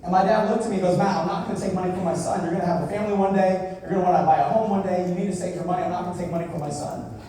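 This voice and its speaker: A young man giving a motivational speech at a business event, telling a personal story and dropping low and quiet at the emotional parts. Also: steady tone, racing, crowd noise. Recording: echoey hall, from far off.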